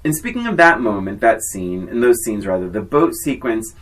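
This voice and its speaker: Very low-voiced woman chatting animatedly. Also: big pitch swings, normal speed, rough recording. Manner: chatty, teasing, rambling with fillers. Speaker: podcast co-host. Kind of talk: casual chat.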